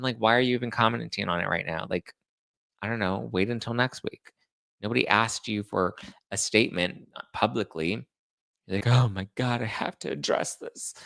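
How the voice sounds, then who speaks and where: A man hosting a casual chat show, reading viewer comments aloud and answering them with sarcastic, animated remarks. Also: mid-range voice, gravelly, no echo, studio quality. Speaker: host.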